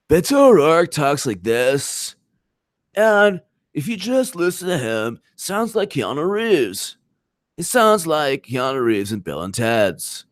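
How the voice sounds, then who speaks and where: A man's voice: mid-range voice, fairly bright tone, dry recording, clean studio sound. A man hosting a casual political commentary livestream, rambling, mocking, and reading out chat. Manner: laughs while reading chat. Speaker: livestream host.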